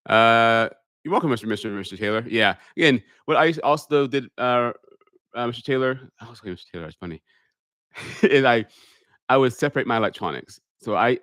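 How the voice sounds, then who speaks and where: A middle-aged man, an airline pilot, casually chatting on a live stream, reading out viewer questions and answering them in a relaxed, talkative way. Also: fairly low pitch, no echo, clean studio sound.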